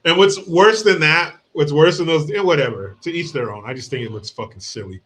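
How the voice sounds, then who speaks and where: A man's voice: a little high, brisk, a bit bright. A man from the United States hosting a podcast, giving crude, mocking commentary and laughing often. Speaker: host.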